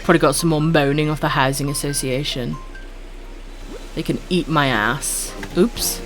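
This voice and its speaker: A woman's voice: deep voice, steady tone, moderate pace, faint music behind. A woman with a Welsh accent chatting casually on a live stream while gaming, swearing freely and calling viewers love and sweetheart. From Wales.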